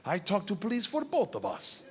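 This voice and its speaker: A man's voice: high voice, sing-song, moderate pace, pitched above the performer's own voice. A man voicing a big, reckless male gangster who talks in blunt, broken English. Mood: gruff. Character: hulking male Russian gangster, cheerful and reckless. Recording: live hall with faint crowd noise.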